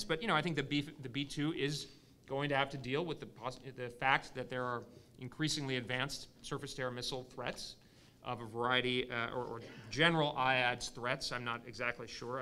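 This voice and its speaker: A man's voice: medium pitch, bright, forceful tone, slight background noise. A man giving an analytical conference panel talk, often restarting sentences with many fillers. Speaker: panel speaker. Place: conference hall near an air force base.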